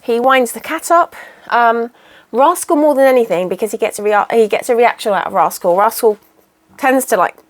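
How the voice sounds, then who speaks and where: Chatty woman with a rambling manner. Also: normal speed. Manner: rambling, chatty, with many fillers and restarts; high sing-song baby talk to her pet goat. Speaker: craft vlogger. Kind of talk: casual chat.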